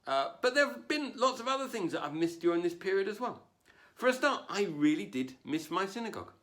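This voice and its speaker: A man's voice: high-pitched, big pitch swings, brisk, fairly bright tone. A man doing a wry, self-deprecating stand-up comedy set from home, with no audience. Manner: wry, self-deprecating delivery with put-on voices. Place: home, performing without an audience.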